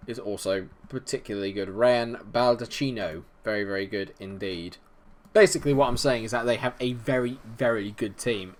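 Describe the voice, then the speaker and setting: A young man talks through a football management game from close to the mic. He is chatty and jokey, and he breaks into excited play-by-play whenever a chance comes along. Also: mid-range voice. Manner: chatty, jokey and swings into excited match commentary. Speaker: gaming YouTuber. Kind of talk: football management gameplay commentary.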